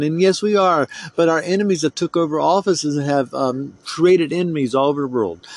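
Middle-aged man, podcast host, heated profane rant, rambling, fairly high voice, dry sound. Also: no room sound.

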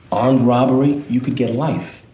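An actor playing a blunt, sarcastic public defender on a TV drama. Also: male voice, mid-range voice, measured pace, background noise, close to an everyday voice. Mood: curt. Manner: curt, sarcastic.

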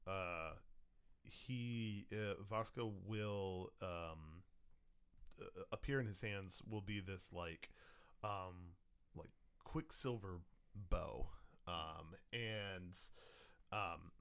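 A man narrating as game master of a tabletop game, loose and halting, full of ums. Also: low voice, fairly bright tone, smooth.

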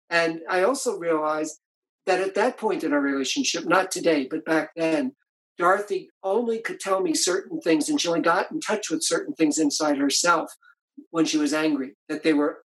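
A man's voice: a little high, low-quality recording. An older man, an author being interviewed, reflectively telling stories about his marriage in a conversational way. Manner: reflective, tells anecdotes with many restarts. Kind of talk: storytelling in conversation.

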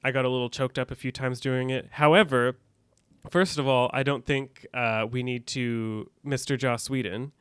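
A man's voice: medium pitch, fairly even intonation, moderate pace, a bit bright, clear, resonant tone, no echo. A man co-hosting a podcast, recounting scenes casually and reading out dialogue with a bit of drama. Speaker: podcast co-host. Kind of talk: casual recap chat.

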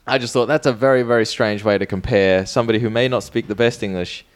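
A man's voice: medium pitch, steady tone, fast. A man co-hosting a podcast in casual chat, telling rambling stories with dry, self-deprecating jokes. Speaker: podcast co-host.

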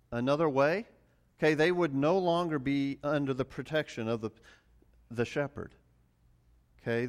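A middle-aged man preaching a relaxed sermon, mixing farm stories with scripture in a conversational, self-deprecating way. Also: medium pitch. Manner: conversational, many restarts and fillers, chuckles at himself. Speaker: pastor. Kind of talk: casual sermon with personal stories.

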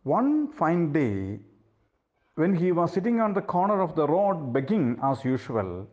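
A male preacher tells a story in a sermon, pausing on dramatic moments and asking the congregation rhetorical questions. His voice sits high for a man and swings widely in pitch. The sound is dull and lo-fi. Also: sing-song, a little mellow.

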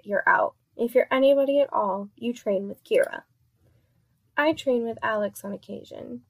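Female narrator, a touch high, confiding storyteller, scripted first-person erotic read. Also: a little mellow. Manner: candid, playful, confiding.

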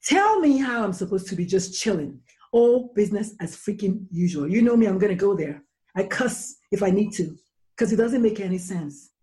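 A woman's voice: medium pitch, lively intonation, warm tone. A woman speaking passionately and indignantly as a guest in a casual interview. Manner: passionate, indignant, rapid questions.

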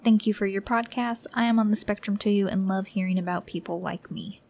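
A woman's voice: medium pitch, steady tone, brisk, a little mellow. A woman chats casually as a podcast co-host. She has a mid-range voice and a wry, dry way of commenting. She reads listener mail in the same easy tone. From United States. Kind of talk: casual chat.

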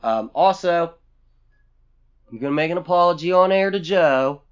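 A man's voice: a little high, animated, moderate pace, smooth, highs cut off. A man co-hosting a casual podcast chat, blunt and profane, rambling from one thought to the next. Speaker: podcast co-host.

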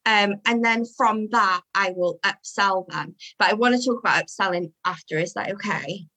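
A woman's voice: mid-range voice, normal speed, poor audio. A woman, a dog groomer, chatting in an interview and acting out what her customers say. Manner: chatty, animated, acts out customers' voices. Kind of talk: casual interview chat.

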